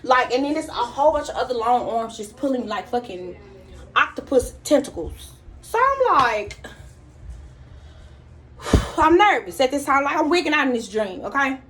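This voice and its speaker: A woman telling a story straight to her viewers in a casual, profane, animated way. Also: high voice, normal speed, pauses often. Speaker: vlogger.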